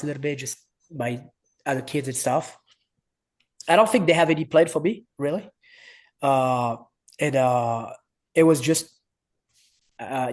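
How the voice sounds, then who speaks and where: A French wrestling coach in his thirties, with a French accent and a medium-pitched, darkish voice, tells a story as a podcast guest in a casual interview. He animates the quoted voices in broken English.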